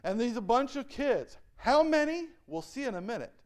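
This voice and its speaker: A man's voice: very high voice, sing-song, moderate pace. A male pastor preaching a sermon and reading scripture aloud. He often asks the congregation questions and acts out the voices he quotes. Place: church.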